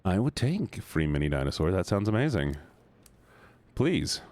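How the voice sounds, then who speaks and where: A man streaming live, chatting casually with his audience in an excitable, playful, teasing way. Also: sits low, moderate pace.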